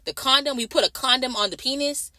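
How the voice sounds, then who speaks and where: A woman's voice: sits high, fairly quick, bright, forceful tone, dry recording. A young woman who works as a night-shift nurse, ranting in a vlog. She is blunt, swears heavily and keeps repeating herself. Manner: blunt, repetitive, heavy swearing.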